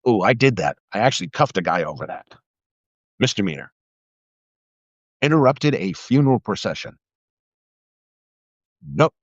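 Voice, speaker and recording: A man's voice: lowish voice, very animated, normal speed, long pauses, dry recording. Rambling ex-cop man, lo-fi stream. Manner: rambling, storytelling, swears freely. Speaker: live streamer, former police officer. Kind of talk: casual live-stream monologue.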